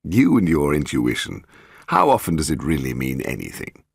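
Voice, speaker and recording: A man doing a suave, wry gentleman sleuth. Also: very deep voice, moderate pace, vocal fry, husky, no echo, studio quality, exaggerated voice. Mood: reassuring. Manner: calm and wry. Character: suave gentleman novelist-sleuth, dryly amused.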